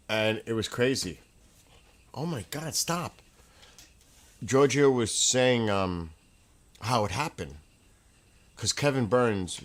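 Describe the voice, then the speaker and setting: A man hosting a casual livestream from home, telling rambling, excitable stories and laughing as he goes. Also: mid-range voice. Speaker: livestream host. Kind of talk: casual chat.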